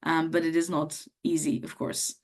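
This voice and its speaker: A woman with a hoarse voice from a cough, teaching medical students how to take a patient's history in a conversational way, acting out the questions she would ask a patient. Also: sits low, little pitch movement, normal speed. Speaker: medical lecturer. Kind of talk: teaching a workshop on history taking.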